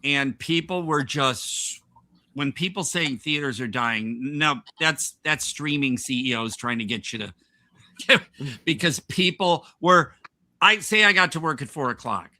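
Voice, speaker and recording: A man's voice: fairly high pitch, unhurried, bright, forceful tone. A man hosting a podcast, telling a rambling workplace anecdote in casual chat with frequent laughs and restarts. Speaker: podcast host.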